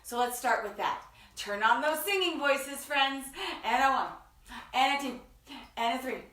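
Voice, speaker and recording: A woman's voice: high-pitched, a little slow, pushed and bright, reverberant, recorded from a distance. A woman hosting a children's story time, talking to kids in a sing-song, enthusiastic teacher way. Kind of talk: children's read-aloud lesson.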